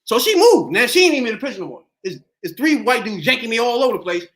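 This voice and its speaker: A man's voice: very high-pitched, fast. A middle-aged man hosting a podcast, telling a story in casual chat and acting out the voices in it. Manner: animated, acts out voices in his story. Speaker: podcast host.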